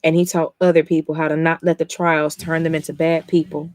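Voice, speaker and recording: A woman's voice: low-pitched, level tone, brisk, darkish tone, no echo, clean studio sound. Emotional swearing woman reading comics live. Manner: emotional, blunt, swears freely. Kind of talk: live reading and reaction stream.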